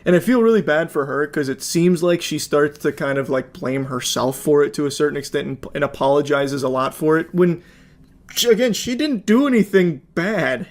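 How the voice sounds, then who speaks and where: A man in his thirties giving sarcastic, profane, deadpan commentary while reading text messages aloud. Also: fairly high pitch, normal speed. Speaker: commentary host.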